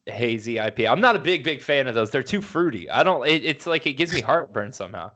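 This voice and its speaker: A man's voice: medium pitch, big pitch swings, quick pace, pushed and bright. A man co-hosting a podcast in casual chat, playfully setting up goofy hypothetical scenarios. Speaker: podcast co-host.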